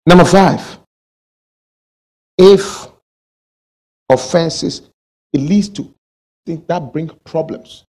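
A man's voice: a little high, dark tone. A male pastor preaching a sermon, asking the congregation questions and acting out everyday quarrels.

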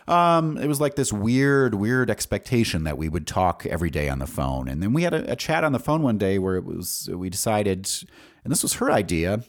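A man in his forties hosting a podcast, telling a personal story in a rambling way full of fillers and restarts. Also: lowish voice. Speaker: podcast host.

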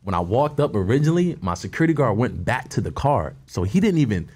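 Lively storytelling man, slangy and animated. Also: mid-range voice, quick pace. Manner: animated, street slang, many fillers like "you feel me". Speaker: guest musician. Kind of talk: casual storytelling.

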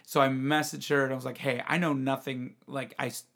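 A young man with a mid-range voice hosts a podcast, speaking fairly quickly as he shares a story in easygoing chat. He's animated, mimicking the quoted voices of others and laughing frequently.

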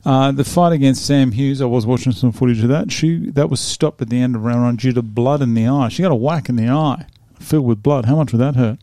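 A man's voice: mid-range voice, brisk, few pauses, mellow, no room sound, clean studio sound. A man, chatting casually and laughing often as he previews fights with his young son. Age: 40s. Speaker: podcast host previewing fights. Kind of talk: casual chat.

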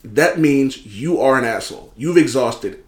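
A man telling a story in casual, animated chat, swearing freely and acting out what others said. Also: mid-range voice, unhurried, reverberant. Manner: animated, swearing, acts out quotes in other voices.

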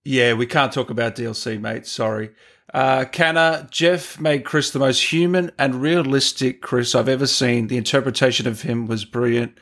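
A man hosting an interview, upbeat, reading out viewer comments slowly and chuckling along. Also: mid-range voice, fairly even intonation, a bit bright. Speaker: host.

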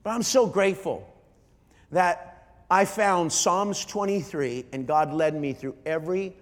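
A middle-aged man, a pastor, preaching an emotional sermon, often halting and repeating his starts. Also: high-pitched, big-room sound, slight background noise. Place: large church hall.

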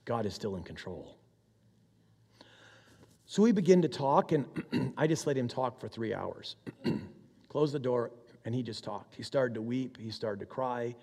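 A man, a military chaplain, preaching a sermon as a conversational story, acting out both sides of a dialogue and often clearing his throat. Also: mid-range voice, lively intonation, measured pace, pauses often, a little mellow. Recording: long hall reverb.

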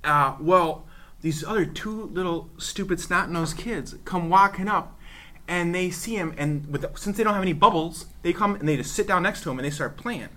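A man's voice: high-pitched, normal speed. A man casually telling a funny story on a podcast, laughing and acting out the people in it. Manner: animated, laughing, acts out voices.

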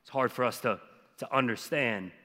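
A man's voice: mid-range voice, normal speed, sharp tone, long reverb tail. A man preaching a sermon in a conversational, emphatic way. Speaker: pastor.

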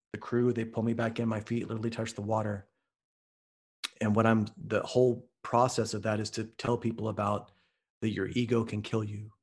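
A man from Oklahoma, a podcast guest, telling a story in an earnest, vivid way. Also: fairly low pitch. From Oklahoma, US Midwest. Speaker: podcast guest, author and speaker. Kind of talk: storytelling in conversation.

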